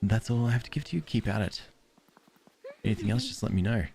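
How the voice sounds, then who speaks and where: A man's voice: fairly low pitch, quick pace, creaky, a little mellow, soft background music, pitched above the performer's own voice. An Australian man voicing a cheerful, encouraging hobbit woman who hands out rewards, in a raised sing-song voice.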